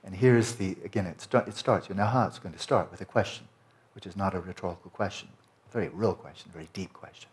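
A man teaching a Buddhist Dharma talk, explaining slowly and lingering over Tibetan and Sanskrit terms. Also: deep voice. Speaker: meditation teacher.

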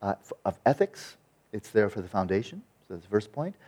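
A man teaching Buddhist meditation in a dharma talk, lively and wry, with a sarcastic edge and frequent restarts. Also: lowish voice, a little fast, slightly rough.

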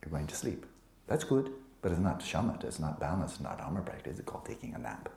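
A man teaching meditation to a retreat group, relaxed and playful, often sinking into a soft whisper and teasing students by name. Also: extremely low pitch, fast talker, vocal fry. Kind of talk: dharma talk to a retreat group. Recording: echoey room with faint ambience.

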